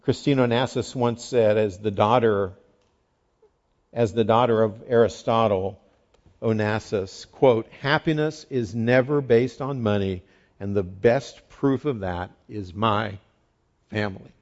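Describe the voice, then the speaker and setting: A pastor preaching a sermon, emphatic, repeating key phrases and rising for emphasis. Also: male voice, on the low side, unhurried, darkish tone, highs cut off.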